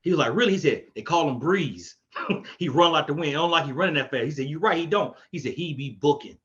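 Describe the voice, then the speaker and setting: A man's voice: a little high, fast talker, highs cut off, slight background noise. Man coach telling stories on a podcast. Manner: animated, acts out quotes in a raised voice. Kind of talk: casual storytelling chat.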